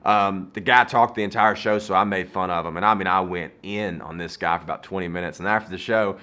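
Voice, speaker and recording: A man, telling comedic stories in an animated, playful way, swinging between loud and soft, recorded in a garage. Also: deep voice, a little fast. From Southern United States. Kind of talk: comedic storytelling.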